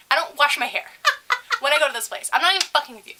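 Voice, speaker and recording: Young female co-host, bright and animated, swears freely while ranting through stories. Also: high voice, quick pace. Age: young adult. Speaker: podcast co-host. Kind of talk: casual storytelling chat.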